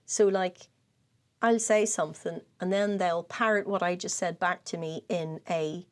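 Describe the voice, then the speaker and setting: A woman's voice: on the low side, a little slow. An Irish woman from County Kerry, co-hosting a casual chat and telling stories with laughing asides. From Ireland. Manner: animated storyteller, lots of laughing asides. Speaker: co-host.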